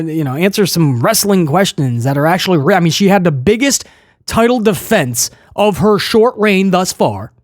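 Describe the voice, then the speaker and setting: Animated high-voiced male podcast host. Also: dry recording, clean studio sound. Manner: animated, incredulous ranting with frequent "man". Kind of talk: casual wrestling podcast commentary.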